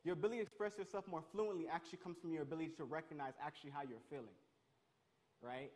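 A man leading an interactive Bible lesson, energetic and calling on his listeners. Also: fairly high pitch. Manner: energetic, calls on the crowd, quick restarts. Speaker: youth pastor.

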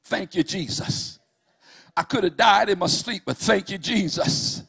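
High-voiced husky preacher. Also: male voice, unhurried. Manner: fervent, swings from shouting to hushed storytelling. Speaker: pastor. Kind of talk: sermon. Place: church.

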